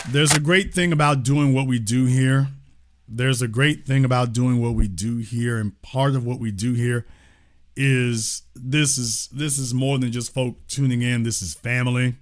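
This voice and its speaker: Animated man hosting a live stream. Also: a little high. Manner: animated, mocking, slips into mimicked voices. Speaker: host of a live stream show. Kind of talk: casual live-stream commentary.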